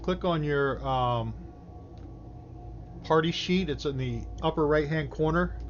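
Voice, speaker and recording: A man's voice: on the high side, slow. A man narrating casually as game master of a tabletop game. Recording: slightly dull, faint noise.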